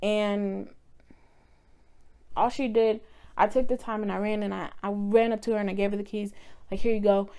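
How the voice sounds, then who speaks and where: A woman's voice: mid-range voice, fairly even intonation, normal speed, long pauses, darkish tone, clean tone. A young woman vlogger telling a painful personal story in a candid, emotional way, sometimes swearing.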